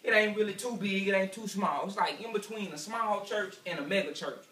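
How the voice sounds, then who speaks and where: Stand-up comic, man, high bright voice, rambling repetitive delivery, room echo and distant pickup. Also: brisk. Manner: loose, repetitive storytelling with asides to the crowd. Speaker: stand-up comedian. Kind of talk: stand-up comedy routine. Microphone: camera from a distance. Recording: echoey room picked up from afar.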